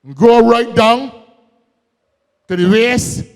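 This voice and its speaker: A Barbadian man with a high voice delivers a political rally speech, mixing folksy jokes with bursts of shouted emphasis. His words ring out with a long reverb tail from a big venue. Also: takes it slowly. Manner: folksy, joking asides, rising to shouted emphasis. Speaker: political speaker.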